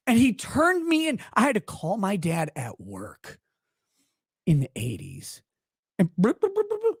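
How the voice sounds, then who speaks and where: A man's voice: high voice, wildly swooping pitch, measured pace, gravelly, breathy edge, no room sound, clean studio sound. A man in his forties from Houston, a podcast guest telling a rambling, profane story in casual chat. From Houston, Texas.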